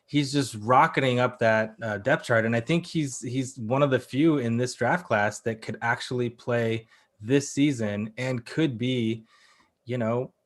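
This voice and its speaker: A man's voice: medium pitch, unhurried. A man talking as a podcast guest in a casual, opinionated chat, restarting his sentences and hedging often. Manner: opinionated, frequent restarts and hedges.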